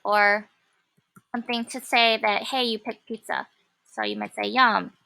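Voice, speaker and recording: Woman, casual coding teacher, bright voice, slightly high, lots of ums. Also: steady tone, measured pace, gravelly. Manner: casual, many ums, thinking aloud while typing. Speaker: programming teacher. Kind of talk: classroom coding lesson.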